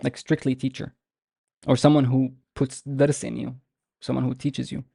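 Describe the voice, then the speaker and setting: A man's voice: mid-range voice, flat delivery, vocal fry, warm tone, slightly rough, no room sound, studio quality. A man giving an online language lesson, explaining patiently and stretching out example words to show the sounds. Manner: explanatory, with frequent restarts and drawn-out example words. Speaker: language teacher.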